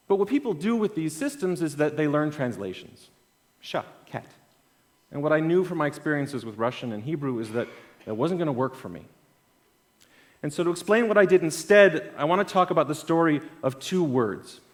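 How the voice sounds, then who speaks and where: A man giving a storytelling keynote talk at an event. He swings between loud bursts and quiet asides. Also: fairly high pitch. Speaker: conference speaker. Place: event stage.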